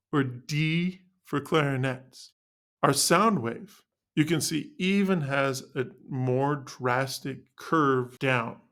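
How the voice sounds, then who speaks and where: Man explaining band articulation to students. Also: mid-range voice. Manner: explanatory, demonstrates syllables aloud. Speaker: band teacher. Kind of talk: instructional lesson narration.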